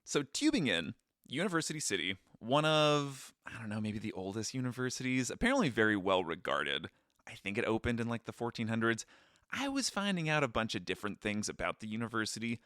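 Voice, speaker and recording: A man's voice: mid-range voice, big pitch swings, fairly quick, fairly bright tone, dry recording, clean studio sound. A man co-hosting a podcast in casual chat, joking and self-deprecating. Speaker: podcast co-host.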